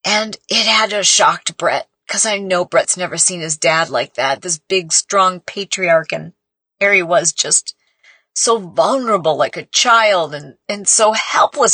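Woman podcast host, lowish, bright forceful voice, dry sound, rambling heartfelt storytelling. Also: unhurried, slightly rough, dry recording. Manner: heartfelt, rambling, heavy use of "like". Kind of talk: casual personal storytelling.

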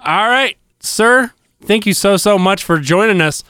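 A man's voice: high voice, animated, unhurried, pushed and bright, clean tone, no echo, clean studio sound. A man co-hosting a casual podcast chat, easygoing and agreeable, trailing off with hesitations as he thinks aloud. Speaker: podcast co-host.

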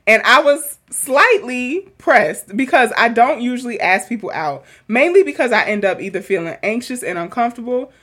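A woman's voice: a little high, expressive, normal speed, hardly any pauses, a bit bright. A woman co-hosting a podcast, chatting casually and reading a listener's letter aloud with a lot of laughter. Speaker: podcast co-host.

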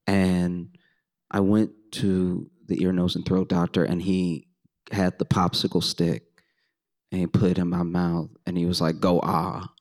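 A man from Louisiana telling a comic story on stage to a live audience, animated and wry, talking straight to the crowd. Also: deep voice, a little slow.

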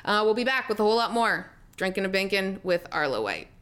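A woman with a Canadian American accent hosting a chat show, upbeat and quick to react. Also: mid-range voice, expressive. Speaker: show host. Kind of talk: casual chat.

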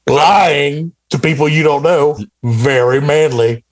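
A man's voice: a little high, slow pace. A man playing a boastful macho man who applies to be the show's newsman, bragging and insulting the others. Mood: swaggering. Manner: brags and insults, bossy.

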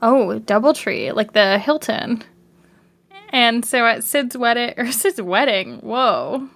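A woman's voice: a little high, animated, takes it slowly, creaky, fairly bright tone. A young woman co-hosting a podcast, chatting animatedly and sharing opinions with frequent giggles. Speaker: podcast co-host. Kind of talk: casual chat recapping a show.

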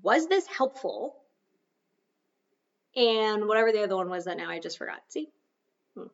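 A woman's voice: mid-range voice, expressive, normal speed, creaky, recorded from a distance, lo-fi sound. A woman hosting a casual self-help podcast, chatty and easily sidetracked, laughing off her own lapses. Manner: chatty, loses her train of thought and laughs it off. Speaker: podcast host.

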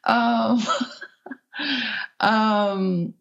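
Woman, Midwestern accent, casting director, talkative, frequent laughter, lowish pitch. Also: moderate pace, muffled recording. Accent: Midwestern American. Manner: laughs often, warm and talkative. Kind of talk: casual interview chat.

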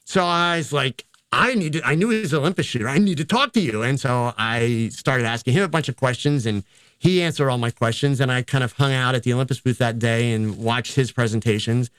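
A man's voice: mid-range voice, a little fast, a bit bright, dry recording. An older man, a photographer and teacher, telling stories in a casual, rambling, self-deprecating way in an interview. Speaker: photographer and educator.

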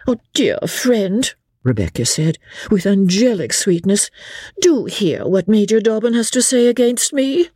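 A woman's voice: medium pitch, sing-song, normal speed, mellow, slightly rough, no echo, clean studio sound, voice pushed up. A woman voicing a charming, scheming young woman whose sweetness has defiance under it. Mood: defiant.

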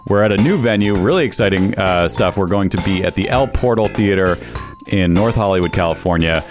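A man's voice: sits low, fairly quick, music in the background. A man hosting a podcast, plugging live shows and chatting casually, laughing easily. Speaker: podcast host. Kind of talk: casual podcast chat and show plugs.

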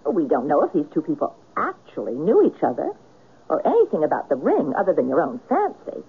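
A husky, lively, probing woman. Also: low-pitched, a little fast, heavily acted. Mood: curious. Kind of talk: 1970s radio drama acting. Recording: narrow phone-like old radio broadcast.

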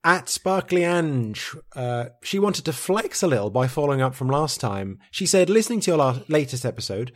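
A man's voice: mid-range voice, big pitch swings, moderate pace, hardly any pauses. A man co-hosting a podcast in casual chat, reading out listener messages with a dry, teasing humour. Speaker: podcast co-host.

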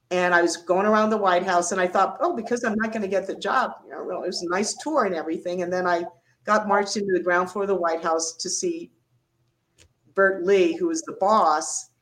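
A woman's voice: on the low side, moderate pace, low-quality recording. An older woman, a retired Navy doctor, telling stories in an interview and acting out the quotes. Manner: animated storyteller, acts out quotes. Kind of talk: storytelling interview.

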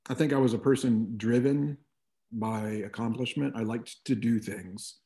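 A man's voice: mid-range voice, fairly even intonation, normal speed, dark tone. A middle-aged man talking reflectively as an interview guest, with frequent "you know" asides. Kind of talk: conversational interview.

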